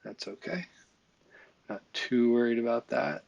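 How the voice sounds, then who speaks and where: A man talking through a software tutorial in a casual, think-aloud way, with fillers and small asides as he works. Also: on the low side, normal speed, vocal fry, husky, highs cut off. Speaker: visual effects tutorial instructor. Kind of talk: screen-recorded software tutorial.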